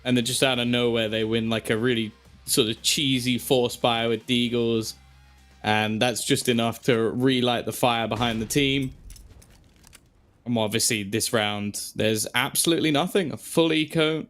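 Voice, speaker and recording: A man's voice: medium pitch, fairly even intonation, normal speed, fairly bright tone, soft background music. A man casting an esports match, musing in a laid-back way about the game. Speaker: esports caster. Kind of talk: casual game commentary banter.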